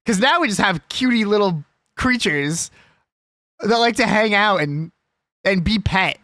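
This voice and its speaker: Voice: medium pitch, expressive, a little slow, fairly bright tone, dry recording, studio quality. A live streamer chatting casually with their audience, ranting and swearing in a jokey, argumentative way. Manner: rambling, jokey.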